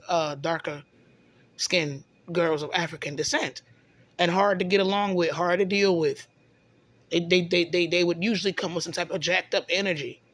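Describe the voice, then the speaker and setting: A woman's voice: fairly low pitch, no room sound. A woman venting in a casual monologue, rambling and often stumbling over repeated words. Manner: rambling, repeats words, often says "you know what I'm saying".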